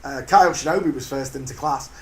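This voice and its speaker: An older man hosting a casual livestream, greeting viewers by name and sending blessings, with jokey asides. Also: fast talker. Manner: jokey, drops into sudden high silly voices. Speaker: livestream host. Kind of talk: casual live-stream chat. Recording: echoey room with faint hiss.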